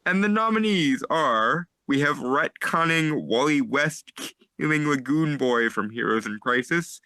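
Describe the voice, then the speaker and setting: A man co-hosting a casual comics podcast, reading out nominees with dry, deadpan humor. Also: fairly high pitch, dry recording. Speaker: podcast co-host presenting a category. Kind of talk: casual group chat.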